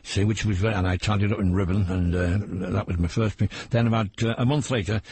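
A man's voice: lowish voice, fairly even intonation, quick pace, a little mellow, slight background noise. An older man from England, a comedian telling jokey stories in an interview and slipping into impressions of regional voices, heard on an old radio broadcast. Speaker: comedian guest. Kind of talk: anecdotal interview chat.

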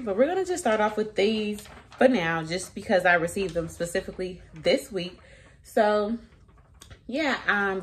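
A woman's voice: mid-range voice, a little hiss or hum. An elementary school teacher talking casually to her vlog viewers in a chatty, slangy way, laughing often.

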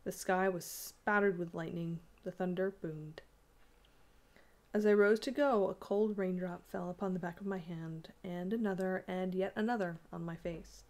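A woman reading a classic ghost story aloud, measured, with small slips and restarts along the way. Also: on the low side, darkish tone. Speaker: audiobook reader.

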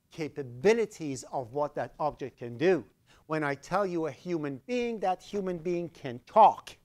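His voice a little high, an Iranian-accented man teaches a university class. He relies on everyday examples to explain concepts and keeps asking students if they're keeping up.

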